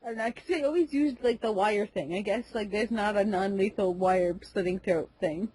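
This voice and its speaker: A woman co-hosting a casual gaming podcast, chatty and quick to laugh, filling her talk with "like.". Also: mid-range voice, dark tone, slightly rough, dry recording, poor audio. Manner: chatty, laughs often, many "like" fillers. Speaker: podcast co-host.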